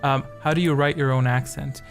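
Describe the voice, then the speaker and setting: A man's voice: medium pitch, fairly even intonation, a little fast, gravelly, soft background music. A man hosting a live-stream quiz game, rambling chattily between questions with jokey asides. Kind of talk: casual live-stream chat.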